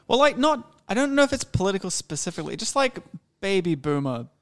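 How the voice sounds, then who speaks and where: A man with a high, bouncy voice rants in a casual podcast chat. He is animated and slips into quoted voices. His pitch swings all over. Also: fast talker. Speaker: podcast co-host.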